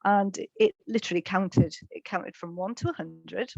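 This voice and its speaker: A middle-aged woman tells her own story in a halting way, pausing on ums and doubling back over words. Her voice sits at an ordinary pitch and is recorded dry and close, with no room sound around it. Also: vocal fry, dry recording, muffled recording. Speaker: speaker sharing lived experience in a webinar. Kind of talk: personal testimony.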